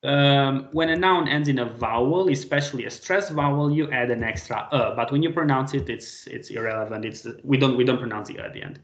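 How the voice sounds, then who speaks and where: A man's voice: medium pitch, brisk, few pauses, roomy sound, lo-fi sound. A man teaching an online language class, patiently quizzing students by name on a video call.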